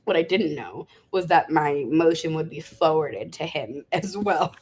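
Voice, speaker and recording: A woman's voice: low-pitched, expressive, unhurried, darkish tone, slightly rough. A woman in her thirties from Las Vegas, a podcast guest frankly telling her story and laughing often. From Las Vegas, USA. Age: 30s. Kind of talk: candid storytelling interview.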